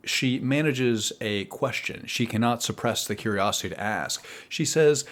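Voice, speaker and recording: A man narrating a tabletop game as game master in an unhurried, descriptive way. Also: mid-range voice, fairly bright tone.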